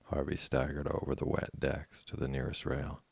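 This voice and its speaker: Very deep gravelly man reading a bedtime story. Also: completely flat delivery, moderate pace, darkish tone, no echo.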